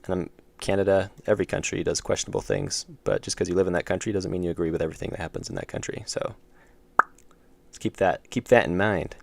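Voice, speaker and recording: A man's voice: low-pitched, expressive, fast talker, vocal fry, a little mellow. A man streaming his game development, talking through his code as he works and chatting with viewers. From United States. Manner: thinks aloud, mumbles while working, chats with viewers. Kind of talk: casual live-stream commentary while coding.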